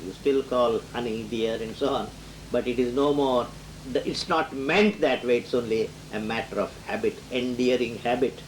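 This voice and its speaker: A man's voice: medium pitch, normal speed, a little hiss or hum, low-quality recording. A man giving a lecture on poetry who reads verse lines aloud and then explains them, with occasional chuckles.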